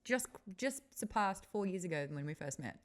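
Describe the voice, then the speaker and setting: A woman's voice: fairly low pitch, lively intonation, moderate pace. Playful woman co-hosting a chat show. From Australia. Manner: playful, laughing, chatty. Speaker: podcast co-host. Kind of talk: casual chat.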